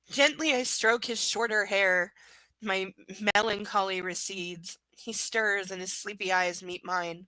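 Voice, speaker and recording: A woman's voice: mid-range voice, steady tone, measured pace, sharp tone, no room sound, low-quality recording. A woman streaming a live reading of a novel, breaking off for chatty, joking asides. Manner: chatty, jokey asides between passages. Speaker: livestream reader.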